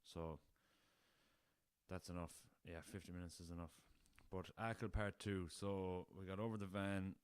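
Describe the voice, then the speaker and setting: A man's voice: low voice, little pitch movement, moderate pace, smooth, no echo. An Irish man hosting a casual solo podcast, rambling through a story and swearing freely, recorded on a laptop. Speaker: podcast host.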